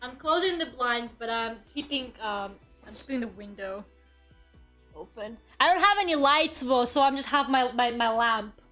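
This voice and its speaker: In a casual live stream from her own room, a woman rambles, talks to her viewers and swears occasionally. Her voice is on the high side, animated and fairly bright, at normal speed, with faint music behind.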